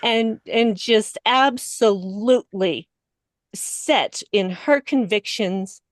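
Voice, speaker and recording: A woman speaking slowly and deliberately as a podcast guest, with laughter breaking in often and her pitch jumping up when she gets excited. The sound is close and dry, with no room behind it. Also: no room sound. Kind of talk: casual podcast discussion.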